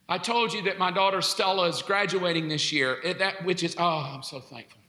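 A middle-aged man preaching a sermon, telling comic stories in an animated way and bursting into shouts. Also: sits high, fairly quick, few pauses. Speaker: pastor. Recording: echoey hall.

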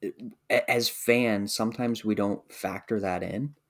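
Low-pitched man defending a player. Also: fairly even intonation, takes it slowly. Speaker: podcast co-host. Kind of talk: casual hockey podcast chat.

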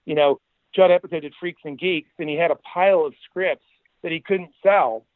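A man's voice: fairly high pitch, normal speed, dry recording, phone-quality sound. A man telling entertainment business stories in a casual podcast chat, acting out quotes as he goes. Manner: animated anecdote teller, acts out quotes. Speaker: guest, entertainment executive.

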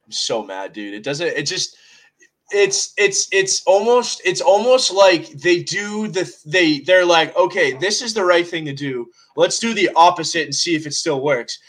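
A man's voice: fairly high pitch, lively intonation, measured pace, a bit bright, low-quality recording. A man co-hosting a sports podcast, ranting heatedly with lots of swearing in casual talk.

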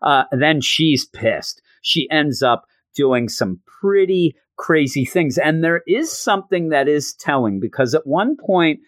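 A man casually recapping a comic book story, animated and slipping into voices for the characters. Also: a little high, a little slow, few pauses, no room sound. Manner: animated retelling, acts out quotes. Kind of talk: casual review chat.

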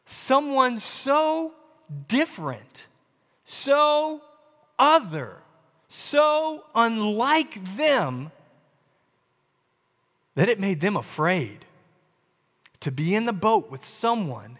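High-voiced preacher in an echoing hall. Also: male voice, big pitch swings, drawn-out words, pauses often. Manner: dramatic, acts out quotes, swings between loud and hushed. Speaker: pastor. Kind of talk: sermon.

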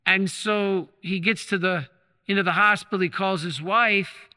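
Preaching in a church, this priest retells a story in a conversational manner, circling back with restarts and repetition. He sits high in pitch, with fairly even intonation and an unhurried, pushed, bright delivery. A large hall's long reverb hangs on every word.

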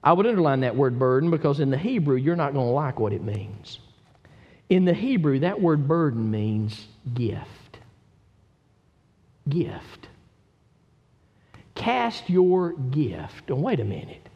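A man preaching a sermon from a church pulpit, building from steady teaching into impassioned, emphatic calls to his listeners. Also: medium pitch, a little fast, lo-fi sound. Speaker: pastor. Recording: long hall reverb.

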